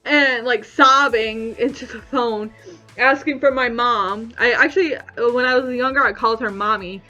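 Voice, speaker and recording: A young woman with a high, bright voice tells a personal story to camera, acting out the voices of the people in it. The audio is a little dull, with soft music playing underneath. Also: moderate pace. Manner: animated retelling, acting out quoted voices. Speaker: vlogger.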